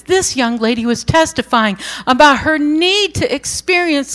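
A middle-aged woman preaching a sermon, telling a story earnestly and voicing the quoted words softly. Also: sits high, lively intonation, unhurried, faint music behind.

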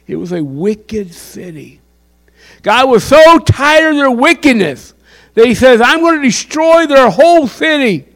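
A man's voice: extremely high pitch, very animated, measured pace, fairly bright tone. A man preaching a sermon, impassioned and quizzing his listeners with questions. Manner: impassioned, asks the crowd questions.

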